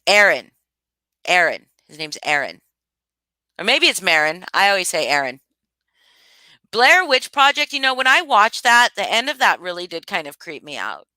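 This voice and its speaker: A woman with a lowish, bright voice chats loosely with her live audience, circling back and restarting as she thinks aloud. Her tone is smooth and crisp, recorded dry and close. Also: sing-song, normal speed, long pauses, dry recording. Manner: rambling, thinks aloud, frequent restarts and asides. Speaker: livestream host. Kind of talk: casual live chat answering viewers.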